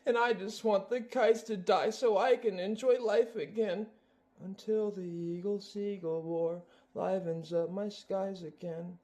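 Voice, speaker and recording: A man's voice: high voice, fairly even intonation, unhurried, warm tone. A man voicing a confused, dreamy male cartoon bear, singing rhyming verses. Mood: wistful. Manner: sung rhyming verses, wordplay-heavy. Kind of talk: sung musical number.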